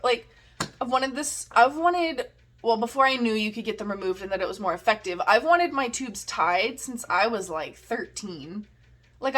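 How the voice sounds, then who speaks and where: A young woman chatting to her camera in a relaxed vlog, her voice sitting a little high. She rambles with plenty of "like," laughs at herself and drifts off on tangents. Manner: chatty, giggly, lots of "like" and self-mockery. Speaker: vlogger. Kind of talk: casual vlog storytelling.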